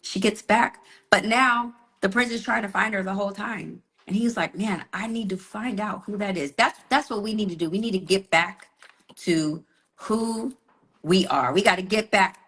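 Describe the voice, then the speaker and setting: A woman's voice: medium pitch, normal speed. A woman business coach giving a motivational live talk, telling stories with animation and talking straight to her listeners. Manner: animated storytelling, calls listeners "y'all" and "honey". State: slight cold.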